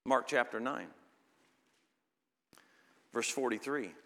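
A middle-aged man preaching a sermon, reading scripture slowly and building to loud, emphatic peaks. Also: medium pitch. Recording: long reverb of a hall.

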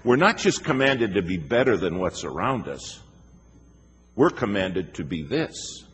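A man's voice: on the low side, sing-song, unhurried, a bit bright. A middle-aged man preaching a sermon, emphatic and storytelling. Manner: emphatic, storytelling with acted quotes. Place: church sanctuary. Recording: reverberant hall with faint noise.

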